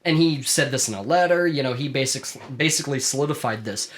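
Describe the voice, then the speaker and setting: A man's voice: mid-range voice, quick pace. A man co-hosting a history podcast, telling the story in casual chat, acting out quotes and swearing freely. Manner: storytelling, acts out quotes, laughs often, swears. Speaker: podcast co-host.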